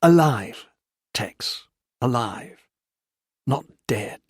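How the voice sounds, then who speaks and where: Male narrator as a earnest British officer, lifted pitch. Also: big pitch swings, moderate pace, slightly rough, no room sound, studio quality, exaggerated voice. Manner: earnest, urgent.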